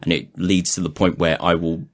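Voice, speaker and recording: Deep husky man, casual chat. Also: level tone, a little fast. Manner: laid-back, sweary, laughs often. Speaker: podcast co-host.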